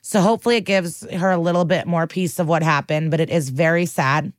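This podcast co-host is a woman whose low voice moves fairly quickly with fairly even intonation as she recaps a TV episode. Chatty and profane, she acts out what the characters said, and the studio-quality recording has no echo.

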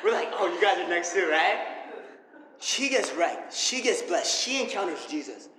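A young man preaching a sermon full of personal stories, energetic and animated, laughing often. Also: high voice, normal speed, a crowd in the background. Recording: echoey hall with faint ambience.

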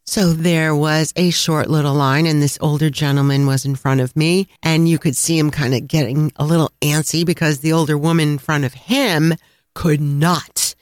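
A man with a Chicago accent, co-hosting a travel podcast and telling a lively anecdote with frequent laughs. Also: fairly high pitch, moderate pace, no room sound, clean studio sound. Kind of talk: casual storytelling chat.

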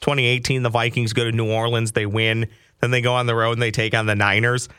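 A man hosting a sports podcast in a friendly, conversational way, a little husky with morning voice. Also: medium pitch, little pitch movement, fast talker, pushed and bright, no echo, studio quality. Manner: friendly, conversational, upbeat sign-off. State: slight morning voice. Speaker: podcast host. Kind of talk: casual sports podcast chat.

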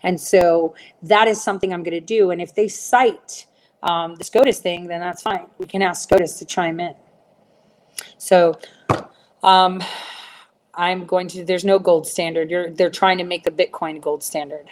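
Middle-aged woman host, low-pitched, blunt and profane, rambling casual rant to her audience. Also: steady tone, measured pace, slight background noise. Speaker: livestream host answering viewers.

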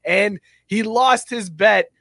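A man hosting a sports podcast in casual chat, his voice sitting a bit high. He keeps the talk moving between topics and laughs often. The sound is dry and close. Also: slow pace, creaky, a bit bright, no echo. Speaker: podcast host.

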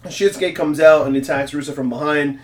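A man's voice: a little high, fairly even intonation, a little fast. A man hosting a casual wrestling recap, joking and laughing often. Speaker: podcast host.

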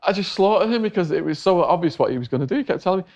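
A man's voice: high voice, expressive, very fast, a little mellow, dull audio. A middle-aged English man telling a long story in a casual interview, acting out the voices of the people he quotes. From England. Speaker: interview guest.

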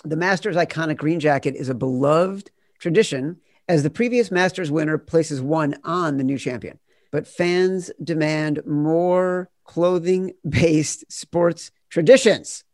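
A man hosting a podcast quiz game, blunt and quick to swear. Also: a little high, darkish tone, dry recording, studio quality. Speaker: game show host.

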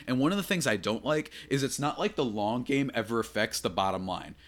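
A man hosting a solo sports podcast, talking in a rambling, excitable way with many fillers and restarts. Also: medium pitch, quick pace, few pauses. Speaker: podcast host.

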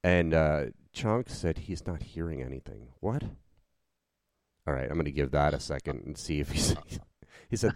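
Podcast co-host, easygoing man, deep voice, dry close mic, rambly casual chat. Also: lively intonation, moderate pace, no room sound. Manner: laid-back, rambling with many fillers.

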